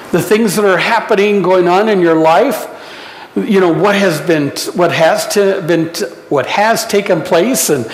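Man, sermon, high-pitched voice, slow reflective delivery, roomy echo, long reverb. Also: slight background noise. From United States. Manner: slow, reflective preaching with pauses. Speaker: pastor.

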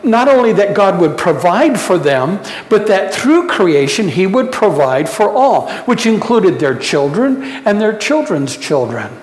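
A pastor preaching a sermon in a church, unhurried, putting questions to the congregation and adding light humor. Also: medium pitch, big pitch swings, a little mellow, slight background noise. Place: church sanctuary. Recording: echoey church hall reverb.

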